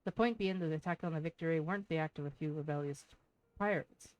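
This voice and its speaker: A woman voicing a coarse, scheming male tavern keeper in a rough put-on Irish-sounding brogue, reading game lines aloud. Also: medium pitch, moderate pace, darkish tone, no echo, highs cut off, lightly acted. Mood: gruff. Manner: swearing, blunt, drawled.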